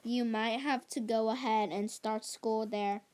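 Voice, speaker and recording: A woman reading aloud, voicing an excitable actress mother who is chasing her big break, in a slow, halting delivery. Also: fairly high pitch, lightly acted. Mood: coaxing.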